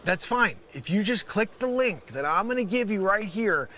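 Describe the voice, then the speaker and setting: A man's voice: high voice, lively intonation, moderate pace, pushed and bright. A man improvising a comedy phone-scam sketch, bellowing insults and then dropping to a mutter. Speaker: host of a live improv comedy show.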